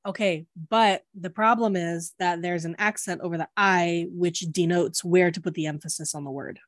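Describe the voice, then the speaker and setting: A woman's voice: lowish voice, fairly even intonation, normal speed, no echo, clean studio sound. A woman co-hosting a podcast in casual chat, earnestly explaining her point, a little hesitant at times. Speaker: podcast co-host.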